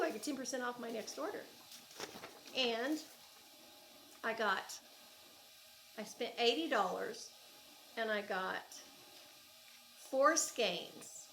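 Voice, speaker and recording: A woman's voice: fairly high pitch, fairly bright tone, slight background noise, rough recording. A woman with an Oklahoma accent, chatting casually and gushing as she unboxes yarn at home for her crochet vlog. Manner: chatty, gushing, thinks aloud. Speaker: crochet vlogger.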